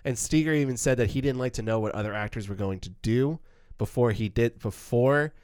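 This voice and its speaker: Man, podcast co-host, casual film analysis, animated, frequent restarts, smooth voice, dry close sound. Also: medium pitch, fairly quick, no echo. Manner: animated, stumbles and restarts, acts out quoted lines.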